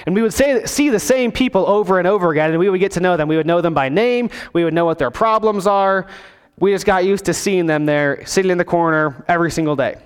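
High-voiced pastor in a reverberant hall. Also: male voice, fast, smooth. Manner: storytelling, acts out scenes with voices. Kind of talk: sermon.

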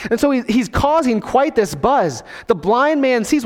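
A man's voice: very high-pitched, sing-song, unhurried, few pauses, in a large hall. A man preaching a sermon in a storytelling way, acting out scenes with different voices. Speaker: pastor.

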